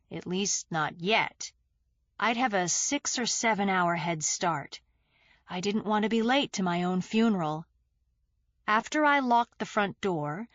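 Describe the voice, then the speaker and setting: A woman narrating a mystery thriller audiobook in the first person, with measured, steady storytelling on a close studio mic. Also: mid-range voice, no room sound, muffled recording.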